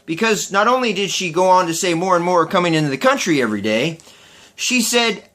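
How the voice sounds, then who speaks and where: A man's voice: sits high, very animated, moderate pace, bright, forceful tone, slight background noise. A man ranting sarcastically to camera, profane and exasperated as he talks through street interviews. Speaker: vlogger. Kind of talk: ranting commentary.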